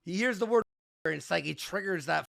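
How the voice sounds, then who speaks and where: A man's voice: high voice, lively intonation, fairly quick, creaky, fairly bright tone. A male co-host in casual commentary, mocking and profane in a teasing way. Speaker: podcast co-host.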